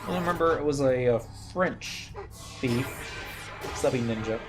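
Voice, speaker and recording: A man's voice: mid-range voice, a little slow. Rambling man streaming a game. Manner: rambling, reminiscing, self-mocking. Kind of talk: casual gameplay commentary. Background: game music.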